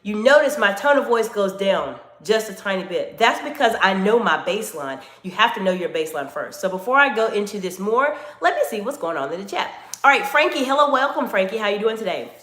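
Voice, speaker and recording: A woman's voice: mid-range voice, expressive, brisk, a bit bright, roomy sound. A woman coaching live-stream viewers on communication, speaking directly to them in an instructive way and reading out their chat comments.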